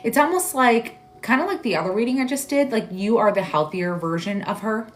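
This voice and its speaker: A woman hosting a live stream as a psychic medium, giving readings in a halting, searching way full of "like"s and growing emotional. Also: fairly high pitch, lively intonation, faint music behind. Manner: halting, searching delivery with many "like"s; emotional, tearful at moments.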